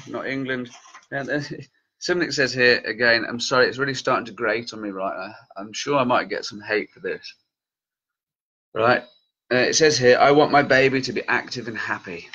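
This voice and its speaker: A man's voice: mid-range voice, sharp tone, highs cut off. A man in his late thirties, a campaigner talking straight to his viewers in heated, passionate vlog commentary. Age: late 30s. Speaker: cannabis campaigner and group leader. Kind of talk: vlog commentary reacting to news.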